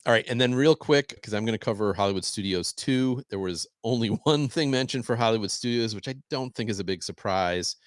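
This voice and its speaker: A middle-aged man co-hosting a podcast, talking in a relaxed, rambling way with small chuckles. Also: fairly low pitch, brisk, hardly any pauses, clear, resonant tone, no room sound, studio quality. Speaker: podcast co-host. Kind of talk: casual chat.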